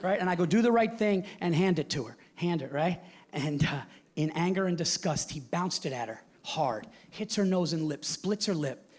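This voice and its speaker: A middle-aged man doing a stand-up set on stage, telling a loud, brash story full of swearing and acted-out quotes. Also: fairly high pitch, lively intonation, moderate pace. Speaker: stand-up comedian. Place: large theater with live audience. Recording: live show with loud audience laughter. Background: audience laughing.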